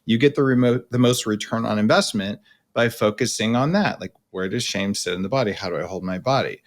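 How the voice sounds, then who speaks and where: Male podcast host, low-pitched, blunt, emphatic coaching talk. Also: brisk. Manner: blunt, emphatic explainer with casual slang. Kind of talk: coaching conversation.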